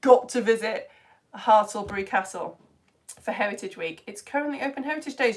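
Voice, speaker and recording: Chatty excitable woman reading live comments. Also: high voice, brisk. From United Kingdom. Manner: chatty and excitable, greets viewers by name. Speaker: home education science presenter. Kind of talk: live-streamed lesson and viewer shout-outs.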